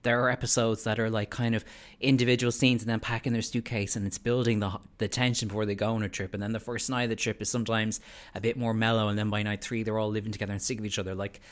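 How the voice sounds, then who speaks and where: A man's voice: lowish voice, little pitch movement, fast talker. A man hosting a podcast, chatting and explaining at length. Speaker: podcast host. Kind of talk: casual chat.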